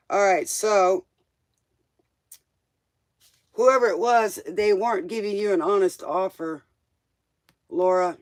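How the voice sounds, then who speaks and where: This tarot reader's voice is high-pitched, and he speaks slowly with frequent pauses. On his live stream he reads cards in a relaxed, jokey way, addressing the viewer straight on with slangy, loose phrasing.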